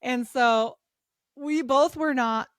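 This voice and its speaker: A woman in her forties telling a personal story as a podcast guest, animated, laughing often and filling her talk with "like". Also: sits high, takes it slowly, smooth, dry recording, clean studio sound. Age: 40s. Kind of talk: casual storytelling.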